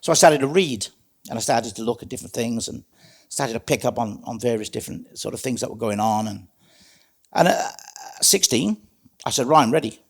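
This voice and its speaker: Fairly quick and animated, with a breathy edge at medium pitch, a middle-aged South Wales man tells his life story to an interviewer. His manner is earnest and plain-spoken, and he calls the host "mate."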